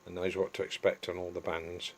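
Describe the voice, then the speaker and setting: A man's voice: deep voice, monotone, brisk, a little hiss or hum. A middle-aged man, chatting casually in a home workshop vlog and going off on homely asides. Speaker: DIY vlogger.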